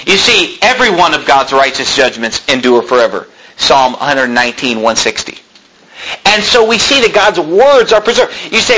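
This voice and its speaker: A man's voice: on the high side, big pitch swings, moderate pace, pushed and bright, slightly rough, low-quality recording. A man preaching a sermon as pastor, building to emphatic rising peaks and voicing his listeners' objections.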